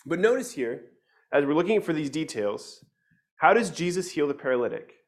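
A man's voice: a little high, very animated, normal speed. A man teaching scripture in a conversational way, reading verses aloud and explaining them closely, often repeating words as he goes. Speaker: preacher.

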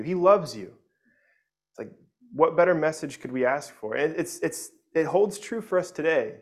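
A male pastor preaching a sermon in a loose, conversational way, often restarting his phrases. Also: fairly high pitch.

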